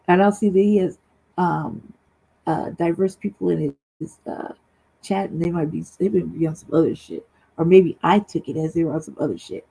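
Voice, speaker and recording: A woman's voice: lowish voice, creaky, dark tone, breathy edge, rough recording. A woman talking bluntly and profanely on a livestream talk show over a remote call, often checking in with "right?". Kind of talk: casual heated talk. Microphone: remote streaming call.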